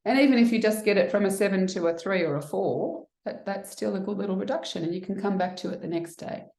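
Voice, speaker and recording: A woman with a mellow, relaxed voice gives a calm tapping lesson, reflecting aloud on her feelings as she demonstrates. She sounds a little roomy and echoey. Her pitch sits in a middle range. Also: quick pace. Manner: calm, reflective, talks herself through feelings. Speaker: tapping coach. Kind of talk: instructional demonstration. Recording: echoey room.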